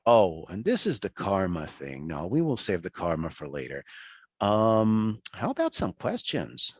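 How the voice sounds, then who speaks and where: A man giving an online lecture over a video call, talking in a conversational, animated way with many restarts and asides. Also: deep voice, a little slow, husky, dry recording.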